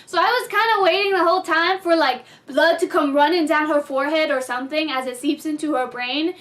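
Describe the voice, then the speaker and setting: A woman's voice: high voice, fairly quick, few pauses, a bit bright. A woman reviewing a movie in a casual vlog, bubbly and chatty, often breaking into giggles.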